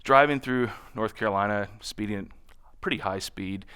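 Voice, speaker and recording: A man's voice: lowish voice, normal speed, pushed and bright, clear, resonant tone. A man speaking at a conference in front of an audience, telling anecdotes in a conversational way and often checking in with "right?".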